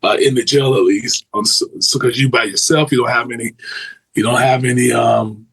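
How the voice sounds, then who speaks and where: Husky-voiced man telling animated stories. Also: medium pitch, normal speed, low-quality recording. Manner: animated storyteller, acts out quoted voices, restarts often. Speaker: interview guest, former corrections officer. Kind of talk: storytelling in casual interview.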